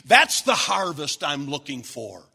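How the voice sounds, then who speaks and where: A man preaching a sermon in a high, bright, ringing voice. He takes his time, lets phrases stack up one after another, and pushes up into shouts for emphasis. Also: sing-song, unhurried, vocal fry, husky. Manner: emphatic, rising to shouts at key points.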